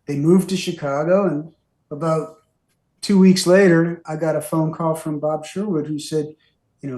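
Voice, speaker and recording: A man's voice: fairly high pitch, steady tone, normal speed, warm tone. Older man telling rambling stories. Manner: rambling, filler-heavy, acts out quoted voices. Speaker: interview guest, former record executive. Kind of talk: anecdotal storytelling. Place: radio studio. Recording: roomy studio echo.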